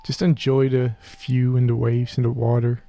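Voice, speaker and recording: A man hosting a role-played Minecraft let's play, talking softly and earnestly to a creature in the game. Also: medium pitch, completely flat delivery, normal speed, vocal fry, faint music behind.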